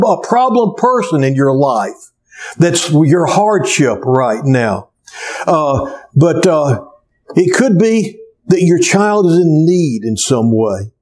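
A man's voice: medium pitch, darkish tone. A man preaching a sermon to a church congregation, with an emphatic cadence that rises and falls.

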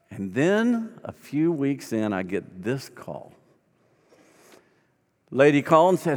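A man's voice: on the high side, big pitch swings, a little slow, long pauses. Folksy pastor in his sixties, echoey hall. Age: 60s. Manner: folksy, conversational, acts out quoted dialogue. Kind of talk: storytelling sermon.

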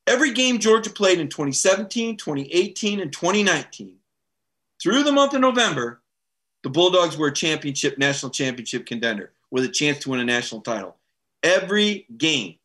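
A man's voice: a little high, very animated, fairly quick, pushed and bright. A middle-aged man hosting a live sports show, chatting casually and upbeat as he reads viewer comments and acts out quoted voices.

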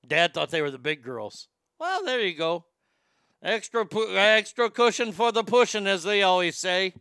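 A man's voice: high-pitched, sing-song, normal speed, sharp tone, smooth, dry recording, studio quality. A man hosting a comedy podcast, rambling and joking crudely, often stammering and repeating words. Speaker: podcast host.

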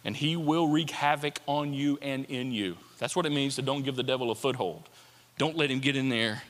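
A man preaching a sermon as a pastor, animated and playful, with jokes and asides. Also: medium pitch. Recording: long hall reverb.

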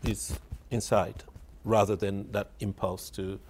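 Over a little hiss or hum, an author on radio speaks in a lowish, slightly mellow voice with flat delivery and a slow pace. His reminiscence is reflective and hesitant, with repeated words as he searches for phrasing and wry laughs as he tells the story.

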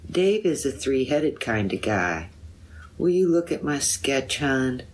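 A woman reading a poem aloud, voicing a gentle, dreamy wife who raises her voice to be heard. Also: rumbling low, big pitch swings, slow pace, pitched above the performer's own voice, heavily acted. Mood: calling out.

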